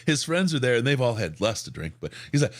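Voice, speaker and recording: Hoarse guy podcast cohost telling a story all excited, voice bouncing up and down. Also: medium pitch, fast talker. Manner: animated, repeats words when excited. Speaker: podcast co-host.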